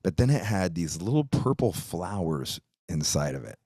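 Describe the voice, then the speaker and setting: A man's voice: deep voice, sing-song, moderate pace, warm tone, no room sound. A middle-aged man tells a rambling, profane story as host of his own podcast. He leans on "dude" and "like" and swears casually. The sound is dry and close, with no room around it.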